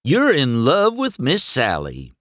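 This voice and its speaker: A man's voice: medium pitch, huge pitch swings, slow, a bit bright, no echo, studio quality, voice pushed up, exaggerated voice. A man reading a storybook aloud, voicing a goofy, boastful country tow truck who teases in a folksy, sing-song drawl. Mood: teasing.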